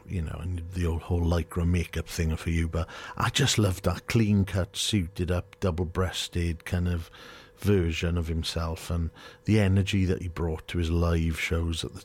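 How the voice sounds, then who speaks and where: A man's voice: low-pitched, a little mellow. A middle-aged man, hosting a radio show in a studio, chatting casually and running a quiz in a jokey, chuckling manner.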